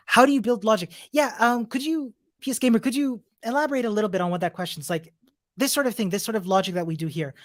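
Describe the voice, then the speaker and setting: A man's voice: high voice, dry recording, clean studio sound. A man teaching a coding bootcamp, wrapping up a live-streamed class and answering viewer questions in an upbeat, encouraging, chatty way. He laughs often and restarts his sentences. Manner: laughs often between remarks.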